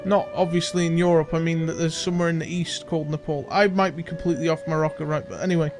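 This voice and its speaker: A man's voice: fairly high pitch, fairly even intonation, fast, music in the background. A man hosting a casual let's play, chatty and self-mocking, thinking aloud as he plays. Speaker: gaming channel host.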